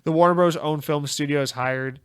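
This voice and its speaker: A man's voice: a little high, fairly even intonation, fairly quick, a bit bright, clear, resonant tone, no room sound, studio quality. An American man hosting a solo gaming news podcast in a casual, sarcastic way, swearing freely. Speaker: podcast host.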